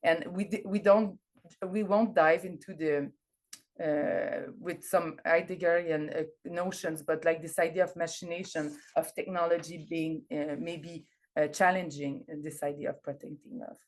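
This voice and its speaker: A woman's voice: sits low, fairly even intonation, moderate pace, darkish tone. A woman speaking English as a second language, giving an academic presentation over a video call, hesitant with many fillers and restarts. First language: not English. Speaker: conference presenter.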